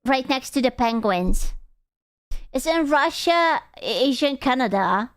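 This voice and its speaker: A woman's voice: high-pitched, lively intonation, a little slow, clean tone. A young woman streamer chatting casually with viewers, playful and giggly, swearing and reacting dramatically.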